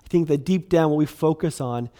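Warmth comes through as a middle-aged man with a somewhat high voice preaches in a relaxed, friendly way. Casual asides and filler words crowd his speech, which moves in fast spurts and keeps restarting.

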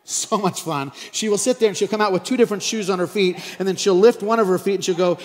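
A man preaching a sermon in a large church hall with a long echo. His voice sits a touch high, and he keeps things playful and conversational. He acts out small scenes in comic voices. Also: quick pace, hardly any pauses. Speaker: pastor.

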